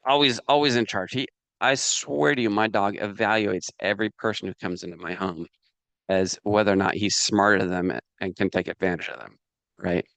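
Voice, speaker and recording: A man teaching a business course in a casual, animated way, often checking in with the listener. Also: on the low side, moderate pace, gravelly, dry recording. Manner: animated, asks "does that make sense" and "right" often; acts out inner voices and his dog.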